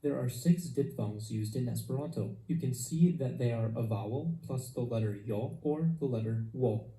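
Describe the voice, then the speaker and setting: A man teaching pronunciation, calm and deliberate, modeling each sound slowly for the learner to repeat. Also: mid-range voice. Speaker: language teacher. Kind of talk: slow instructional narration. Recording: echoey room with faint background noise.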